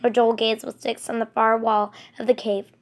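A woman narrating a storybook in a measured, expressive reading. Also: fairly high pitch.

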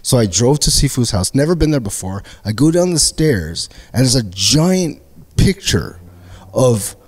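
A man's voice: medium pitch, unhurried, breathy edge, no echo. A man guest telling wild stories in casual chat, acting out quotes and laughing often. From Canada. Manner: animated, acts out quotes, laughs a lot. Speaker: comedian guest. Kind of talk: casual storytelling.

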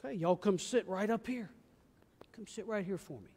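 A man, a pastor gently coaxing small children through a children's message during a church service. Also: sits high, normal speed. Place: large church sanctuary. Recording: long church reverb.

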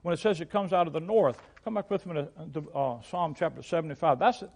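Older male pastor, slightly high voice, conversational Bible teacher who stumbles and repeats words mid-thought. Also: lively intonation, fast, darkish tone. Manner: repeats and restarts words, reads scripture aloud in King James wording.

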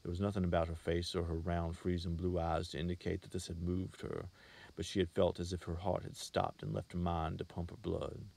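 Low, gravelly male narrator. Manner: measured, steady reading. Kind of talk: audiobook narration of a short story.

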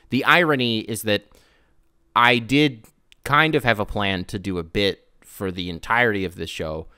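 A man's voice: fairly low pitch, bright, forceful tone, smooth, no echo, clean studio sound. A man hosting his own podcast alone, talking in a chatty, digressive, self-mocking way. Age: adult. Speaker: podcast host. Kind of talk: casual solo podcast monologue.

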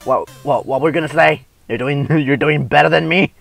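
Male gaming commentator, gravelly, bright, crude trash-talker. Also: a little high, moderate pace, soft background music. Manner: crude trash-talking, swears and yells. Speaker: gamer co-host. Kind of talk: gameplay commentary.

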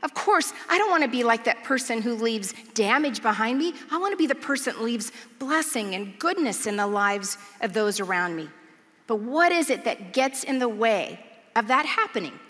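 Woman pastor, high bright voice, storytelling sermon, long church reverb. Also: animated, moderate pace. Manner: storytelling, humorous and earnest. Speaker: church speaker. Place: large church auditorium.

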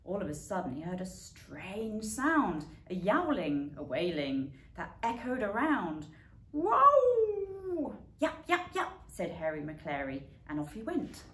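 A woman reading a rhyming bedtime story aloud as a lively storyteller who yowls and barks the animal sounds. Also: on the low side, a little slow, few pauses. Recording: echoey room with faint background noise.

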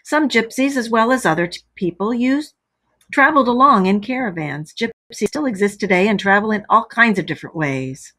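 Husky-voiced woman reading aloud to kids. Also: a little high, expressive, a bit bright. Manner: pauses to explain words. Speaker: teacher. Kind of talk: reading a story aloud to children.

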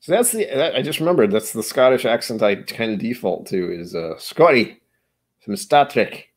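An American man in his forties, from the United States, hosts a casual livestream chat, rambling and joking with frequent chuckles. His medium-pitched voice swings widely in pitch, moves a little fast, and has a darkish tone.

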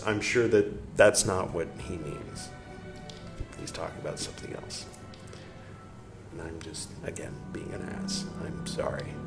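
A man's voice: deep voice, creaky, echoey room. A man hosting a podcast, reading a text aloud and breaking off into rambling, self-mocking jokes. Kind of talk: reading aloud with joking asides.

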